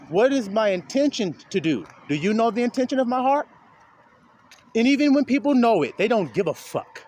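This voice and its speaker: A man delivers a raw, informal sermon in a high voice that leaps up and down his range. He preaches with heavy emphasis and cursing, dropping into low asides and then rising into shouted bursts as he acts out the people he quotes. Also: big pitch swings, moderate pace, slight background noise. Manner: profane, colloquial.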